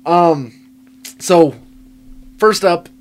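A man's voice: on the high side, drawn-out words. A man co-hosting a casual movie review podcast, swearing freely, laughing often and restarting his sentences. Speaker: podcast co-host.

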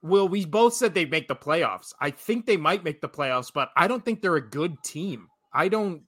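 Bright, joking man on a sports podcast. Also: a little high, expressive, moderate pace, no echo, clean studio sound. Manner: joking, rambling, laughs often. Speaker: podcast co-host. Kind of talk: casual sports podcast chat.

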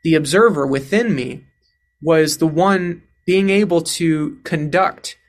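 A man's voice: a little high, slow. Self-assured man telling his story. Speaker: interviewee. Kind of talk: recounting a personal story.

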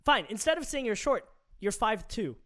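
A man's voice: sits high, very animated, normal speed, bright, forceful tone. A man co-hosting a casual podcast, arguing his opinions emphatically and swearing freely. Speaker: podcast co-host.

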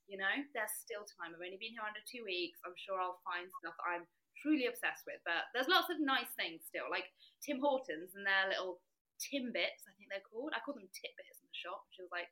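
A woman with a Southern English accent, chatting as a podcast guest and telling stories in a lively, animated way. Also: mid-range voice, poor audio. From England. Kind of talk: casual chat.

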